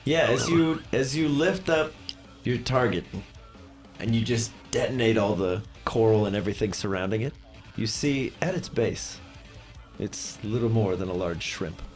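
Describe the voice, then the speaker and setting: A young man narrating as game master, with lively, hedging descriptions full of "kind of.". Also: fairly low pitch, normal speed, soft background music.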